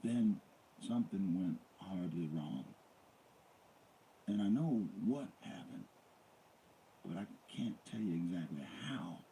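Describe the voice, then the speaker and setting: A man's voice: low voice, expressive, slow, gravelly, pauses often, dark tone, a little hiss or hum, low-quality recording. A man reading a first-person story aloud in a dramatic, intense manner. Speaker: audiobook reader.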